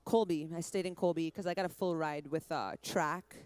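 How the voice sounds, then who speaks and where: A woman's voice: deep voice, fairly even intonation, a little mellow, smooth. A woman in her twenties from Trinidad, a musician chatting in an interview with a light Caribbean touch under an American accent, laughing often. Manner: chatty, laughing, quick asides. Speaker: musician guest. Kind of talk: casual interview chat.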